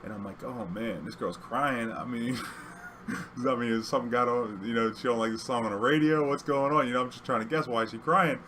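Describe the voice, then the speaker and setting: A man's voice: mid-range voice, steady tone, fast talker, hardly any pauses, background noise. A young man, a taxi driver telling a story in a loose, rambling way full of fillers. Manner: rambling, loose delivery full of "you know". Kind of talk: casual storytelling.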